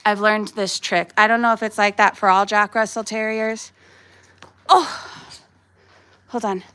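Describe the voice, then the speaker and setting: A woman's voice: medium pitch, flat delivery, unhurried, pushed and bright, clear, resonant tone. A woman in her thirties chatting casually on a backyard livestream, talking to her dog and her viewers and laughing often. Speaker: vlogger livestreaming. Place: backyard outdoors.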